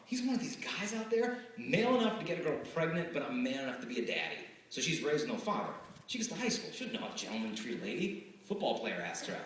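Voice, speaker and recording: A man giving a lively live talk to a student audience, often acting out the voices of the people in his stories. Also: on the high side, fast. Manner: animated, acts out quoted voices. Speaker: speaker addressing students. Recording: echoey hall from far off, faint hiss.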